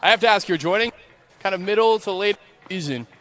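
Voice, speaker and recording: A man's voice: high-pitched, brisk, a bit bright. Friendly male sideline baseball reporter. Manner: friendly, conversational, casual. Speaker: on-field reporter and color analyst. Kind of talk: sideline interview and game analysis.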